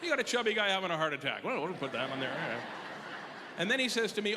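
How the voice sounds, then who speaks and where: A man telling an animated, exaggerated story as a stand-up comedian, often checking in with a quick "right?". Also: on the high side. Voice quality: animated, exaggerating, tag questions. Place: comedy festival stage in a large hall. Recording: reverberant live hall with audience noise.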